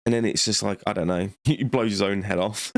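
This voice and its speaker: Male reviewer, low and gravelly, loose rambling delivery with frequent laughs, dry close sound. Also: steady tone, a little fast, no echo. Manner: rambling and jokey, laughs often, swears. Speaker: movie reviewer. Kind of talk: casual movie review.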